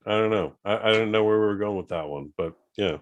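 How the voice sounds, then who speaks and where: Man, casual chat, low voice, easygoing, joking. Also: quick pace, dull audio. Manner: easygoing, joking, self-deprecating. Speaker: podcast co-host.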